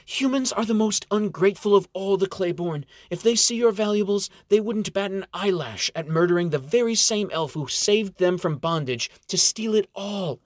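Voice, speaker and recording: A fierce female elf archer, whispering harshly and urgently in a much higher voice, as a man narrating an audiobook puts her on. The storybook reading is close and dry. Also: lively intonation, moderate pace, hardly any pauses, no echo.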